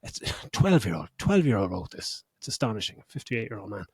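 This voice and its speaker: A man's voice: lowish voice, big pitch swings, a little fast, breathy edge, no echo. Sarcastic middle-aged man, dry close sound. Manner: sarcastic, swears freely, laughs often. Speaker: podcast co-host. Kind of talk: casual film review chat.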